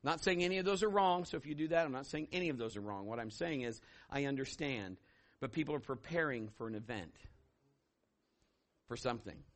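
A middle-aged man preaching a sermon as pastor, telling stories and acting out voices with sudden loud bursts. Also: mid-range voice, expressive, brisk.

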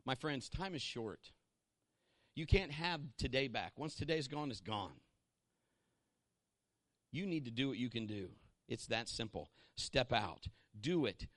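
A middle-aged man preaching an impassioned sermon, pausing to have the congregation repeat lines after him. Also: medium pitch, animated, a bit bright, no room sound, clean studio sound. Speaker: pastor.

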